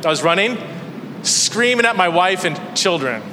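A man's voice: sits high, animated, moderate pace, bright, forceful tone, slight background noise. A man preaching a sermon in a church, telling stories with energy and self-deprecating humor. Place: church sanctuary. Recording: long church hall reverb.

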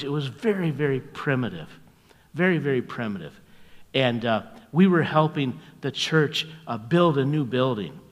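An older man preaching as a pastor, telling stories in a folksy, chuckling way and dropping to a hushed voice at tender moments. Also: mid-range voice, in a large hall. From North America. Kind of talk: storytelling sermon.

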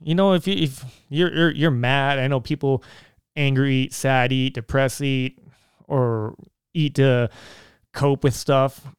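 A man's voice: medium pitch, steady tone, a little slow, clear, resonant tone, no room sound, studio quality. A man telling personal stories and giving advice casually, rambling with many restarts. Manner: rambling, with frequent restarts and filler words. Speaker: vlogger.

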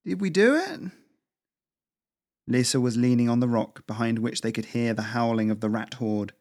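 A man reading an animal adventure story aloud as an audiobook narrator, in a steady, measured way. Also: mid-range voice.

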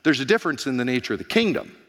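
Hoarse pastor preaching in a big hall. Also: male voice, mid-range voice, racing. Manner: animated, questions the congregation. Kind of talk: sermon. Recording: long reverb of a large hall.

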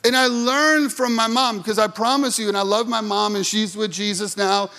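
A man's voice: sits high, fairly even intonation, moderate pace, few pauses, pushed and bright. A man preaching a sermon in a chatty storytelling way, asking the congregation questions as he goes. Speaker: pastor.

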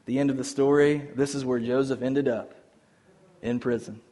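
A male pastor preaching a sermon in a conversational, animated way, with many casual fillers. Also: medium pitch, normal speed.

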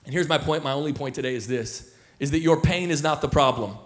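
Talking fast in a voice on the high side, a man in his thirties preaches as senior pastor to his church. The sermon, held in the church auditorium, is loose storytelling with lots of fillers and repeated starts.

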